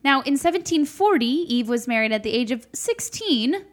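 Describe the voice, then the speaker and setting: A young adult woman co-hosting a casual podcast, telling stories with lively, playful energy. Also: high-pitched, moderate pace. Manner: animated storyteller, plays with voices. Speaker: podcast co-host. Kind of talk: casual chat.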